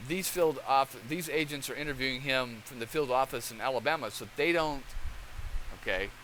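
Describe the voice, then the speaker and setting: Rambling guy doing casual commentary, bright tense tone, keeps saying okay, little bit of background hiss. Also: medium pitch, normal speed, poor audio. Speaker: channel host.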